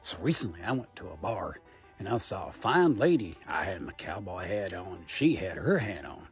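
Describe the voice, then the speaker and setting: A man telling deadpan jokes in a folksy country persona, spinning rambling rural stories. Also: low-pitched, normal speed, soft background music. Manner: folksy, drawling storyteller with rural slang.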